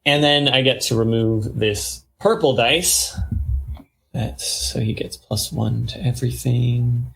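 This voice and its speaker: A man running a tabletop role-playing game as game master, mixing rules talk with measured, descriptive narration. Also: medium pitch, fairly even intonation, vocal fry, a bit bright.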